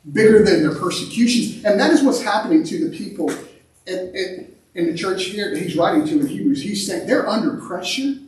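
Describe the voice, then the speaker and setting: A man delivers a sermon in a high, animated voice, repeating words as he builds and then dropping quiet. He is heard from some distance in a church sanctuary, with heavy echo around every phrase. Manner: animated preaching, repeats words, swings between loud and quiet. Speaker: pastor. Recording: echoey sanctuary, mic at a distance.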